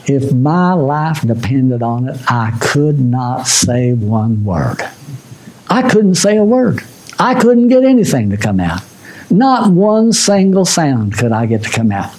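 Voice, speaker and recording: A man preaching a sermon as pastor, moving between loud, high exhortation and low, quiet asides. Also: big pitch swings, slow pace, poor audio. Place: church sanctuary.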